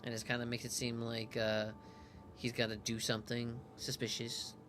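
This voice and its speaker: A man's voice: mid-range voice, monotone, background noise. A young man giving casual, rambling commentary as he reacts to a story game, often hedging with filler phrases. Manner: rambling, hedging with "kinda like", quick to laugh. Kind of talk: casual let's-play commentary.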